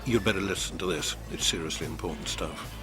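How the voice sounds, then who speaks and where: A man's voice: deep voice, fairly quick. A man narrating a documentary in a dry, wry scripted delivery. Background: music bed.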